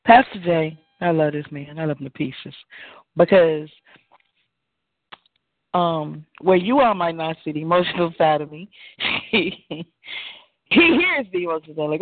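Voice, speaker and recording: A woman co-hosting a casual church call show, speaking earnestly with halting restarts as she testifies. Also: low-pitched, lively intonation, no echo. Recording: dry tinny phone-like call audio.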